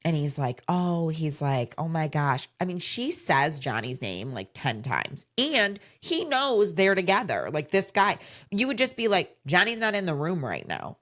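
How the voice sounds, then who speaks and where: A woman with a low voice co-hosts a casual talk show. Her pitch swoops widely as she spins stories and mimics the people in them. She is a little under the weather. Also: unhurried. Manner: animated storytelling, acts out quoted voices. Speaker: podcast co-host. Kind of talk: casual chat.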